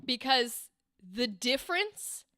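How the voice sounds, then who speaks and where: A woman's voice: a little high, big pitch swings, slow pace, pushed and bright, no echo, studio quality. A woman hosting a livestream, giving bubbly, encouraging critiques of voice acting takes in a chatty way.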